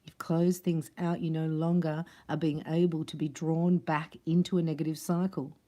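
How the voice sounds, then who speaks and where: A woman giving a casual spiritual tarot reading, chatty and quick to laugh. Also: low voice, level tone, dark tone. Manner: chatty, laughs often, acts out other voices. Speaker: tarot reader.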